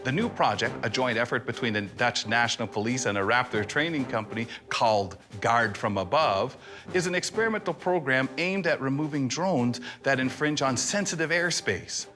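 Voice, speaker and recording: A man hosting a comedic TV segment, delivering wry, deadpan jokes. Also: mid-range voice, normal speed. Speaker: host. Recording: music behind.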